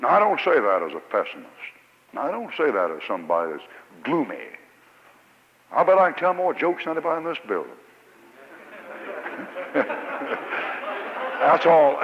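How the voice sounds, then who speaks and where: A man's voice: medium pitch, sing-song, fast, a little hiss or hum. Male pastor, folksy sermon, dull lo-fi sound, long hall echo. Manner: folksy, jokey, swings from soft to loud. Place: church. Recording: muffled old church recording with long reverb.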